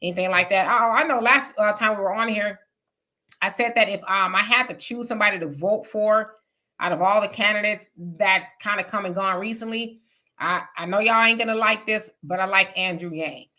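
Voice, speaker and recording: Hosting a casual live-stream chat, a woman reads viewer comments aloud and answers them candidly, adding asides in a conversational way. Her medium-pitched voice sounds pushed and bright at a moderate pace.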